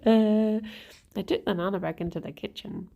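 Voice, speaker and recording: A woman streaming casually, chatting to viewers and cooing softly in baby talk to her pet rabbits. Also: medium pitch, fairly even intonation, moderate pace, creaky, highs cut off. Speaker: livestreamer. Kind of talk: casual livestream chat.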